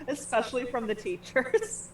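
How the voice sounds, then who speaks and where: A woman's voice: a little high, background noise. A woman player chatting and giggling during a tabletop stream. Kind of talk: casual stream chat.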